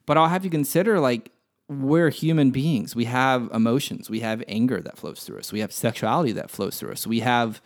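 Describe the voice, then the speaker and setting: A man's voice: medium pitch, darkish tone. A man hosting a spiritual podcast, teaching in a casual, candid way and swearing freely as he talks through a personal example. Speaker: podcast host.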